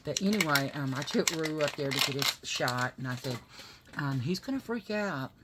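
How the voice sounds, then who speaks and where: A woman's voice: extremely low pitch, normal speed, very noisy. A woman chatting while she does her makeup and telling a story that grows heated. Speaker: vlogger. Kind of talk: casual chat while doing makeup.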